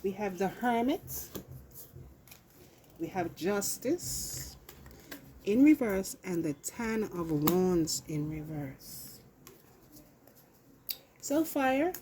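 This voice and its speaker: A woman's voice: medium pitch, big pitch swings, extremely slow, pauses often, mellow, a little hiss or hum. A woman with a British accent giving a casual collective tarot reading, chatty and loose, swearing and talking to herself as she handles her cards. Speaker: tarot reader.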